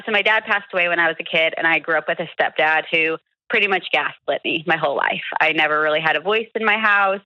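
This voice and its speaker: A woman's voice: sits low, dry recording. Hesitant woman caller on a dull line. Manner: hesitant, halting, many fillers. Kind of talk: phone-in conversation.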